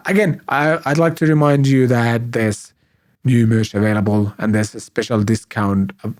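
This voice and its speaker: Man, hoarse, sick with flu, podcast co-host, hesitant, casual chat. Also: on the low side, darkish tone. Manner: hesitant, with frequent fillers.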